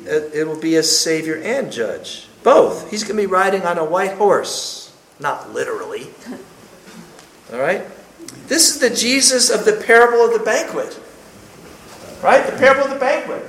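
A high-pitched man preaches in an emphatic, punchy way and tosses in joking asides. His voice rings around an echoey church room. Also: expressive, moderate pace, fairly bright tone, a little hiss or hum. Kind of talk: sermon.

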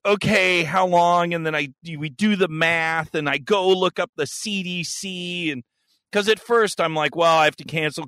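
Man, podcast host, crude animated storytelling, sharp bright voice, dry sound. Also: on the high side, no room sound. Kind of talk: casual storytelling chat.

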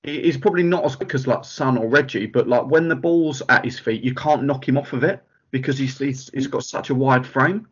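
A man's voice: medium pitch, fairly quick, few pauses, breathy edge. A man in a casual chat, peppering his talk with "like". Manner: chatty, lots of "like" fillers. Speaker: podcast co-host. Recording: dull lo-fi audio.

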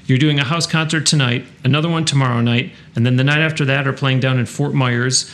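A man's voice: mid-range voice, fairly even intonation, brisk, a bit bright. Chatty male podcast host. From Western New York. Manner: chatty, rambling with restarts. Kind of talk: casual interview and show announcements.

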